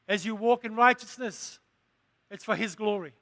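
A man's voice: high-pitched, normal speed, fairly bright tone, no room sound. A man preaching a sermon, asking the congregation questions and building to emphatic lines. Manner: call-and-response preaching, rising to emphatic.

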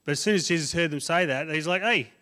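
A man preaching a sermon as a guest speaker in a conversational way, his voice rising and growing loud on emphatic lists and dropping quiet on asides. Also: on the high side, fairly even intonation, quick pace.

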